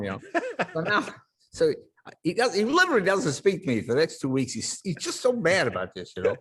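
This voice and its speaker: Older man telling lively stories. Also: fairly high pitch, fast talker. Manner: acts out family members in raised, shouting voices. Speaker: guest. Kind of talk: animated storytelling.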